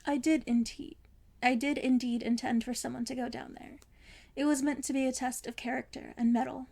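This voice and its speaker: A woman voicing an old male wizard headmaster, calm, mild and unhurried, in a fan fiction reading. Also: high-pitched, gravelly.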